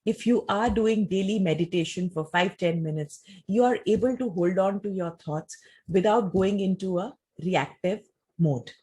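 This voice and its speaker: A woman gives a talk and answers audience questions in a measured, explanatory way, often using rhetorical questions. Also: mid-range voice, dark tone, slightly rough.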